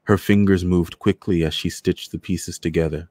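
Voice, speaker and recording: A man doing a cold read of a short story in a measured, steady way. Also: deep voice, dry recording.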